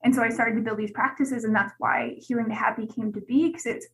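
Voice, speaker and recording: A woman's voice: on the high side, steady tone, a little fast, a bit bright, low-quality recording. A woman guest telling her own story in a candid, conversational way, with many "like"s. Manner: chatty, peppered with "like". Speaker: guest, gut health specialist.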